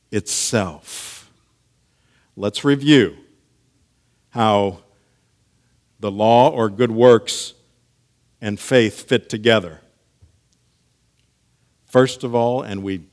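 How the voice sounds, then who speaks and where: A man preaching a sermon, teaching with measured delivery that swings between hushed lines and emphatic stresses. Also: lowish voice. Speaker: pastor.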